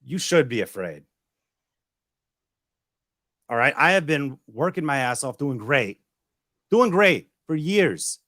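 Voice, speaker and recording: A man's voice: medium pitch, big pitch swings, slow pace, pauses often, fairly bright tone, no echo, clean studio sound, pitched below the performer's own voice, heavily acted. A man playing a blustery, hot-tempered husband. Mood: indignant. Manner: escalating, blustery, sarcastic. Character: defensive, hot-tempered husband in an improv scene. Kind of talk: improv scene.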